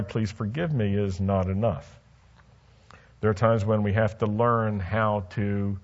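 A man's voice: lowish voice, lo-fi sound. A man preaching a sermon in a conversational way, asking the congregation questions and telling stories from his own life. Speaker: pastor.

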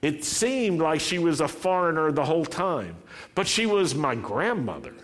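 A man's voice: a little high, big pitch swings, moderate pace, fairly bright tone, long reverb tail. A man preaching a sermon, driving his points home with emphatic, repeated rhetorical questions.

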